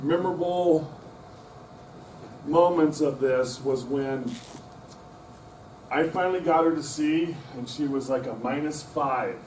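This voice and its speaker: A man's voice: fairly high pitch, darkish tone, slight background noise. A middle-aged man speaking as a guest at a club meeting, telling rambling, folksy anecdotes with self-deprecating humor. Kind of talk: anecdotal storytelling talk. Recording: echoey room from a distance.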